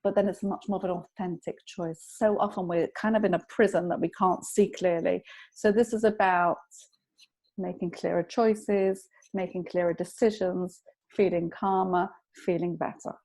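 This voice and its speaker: A woman guest, an EFT tapping practitioner, calmly explaining and walking through a technique. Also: on the low side, moderate pace.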